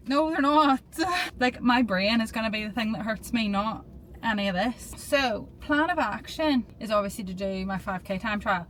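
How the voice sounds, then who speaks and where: A woman's voice: medium pitch, a little fast, a little hiss or hum. A young woman chatting casually to her camera in a vlog, talkative and nervous, filming herself outdoors and in her car. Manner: chatty, self-doubting, nervous. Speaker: vlogger.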